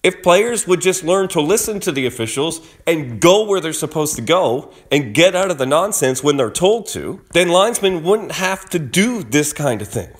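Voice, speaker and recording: Male commentator, fairly high voice, emphatic and opinionated breakdown of game footage. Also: sing-song, moderate pace, few pauses. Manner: emphatic, argumentative, acts out quotes. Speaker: hockey commentator.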